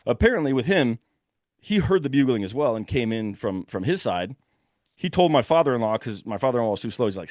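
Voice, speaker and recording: A young man telling a hunting story in a lively, casual way, acting out the shouts of the people in it. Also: medium pitch, a little fast, no room sound, clean studio sound. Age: young adult. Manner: animated, breathless retelling with quoted shouts.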